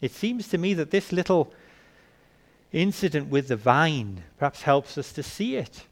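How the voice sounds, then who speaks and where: Male preacher, slightly high voice, rhetorical questions, emphatic bursts. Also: expressive, a little slow. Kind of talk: sermon.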